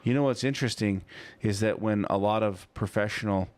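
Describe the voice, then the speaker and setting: A man's voice: on the low side, brisk, a little mellow, dry recording. A man co-hosting a podcast in a small studio, chatting casually and spinning a rambling story full of "you know" and "I'm like". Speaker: podcast co-host. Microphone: studio mic.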